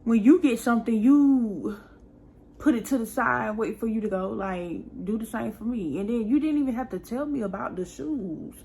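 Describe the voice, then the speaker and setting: A woman's voice: fairly high pitch, normal speed, warm tone, a little hiss or hum. A young woman vlogger telling a casual storytime, chatty and exasperated, full of asides.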